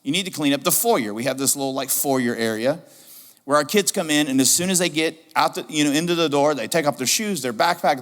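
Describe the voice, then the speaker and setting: A middle-aged man preaching a sermon as pastor, animated and repeating his key questions for emphasis. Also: a little high. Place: church sanctuary. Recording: reverberant church hall.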